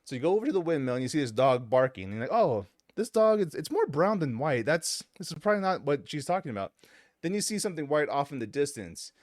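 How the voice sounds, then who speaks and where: A man in casual podcast chat, telling a video game story with lively swings in his voice. He slips into the characters' lines and laughs often. The sound is dry and close. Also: a little high, fast, dry recording. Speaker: podcast co-host.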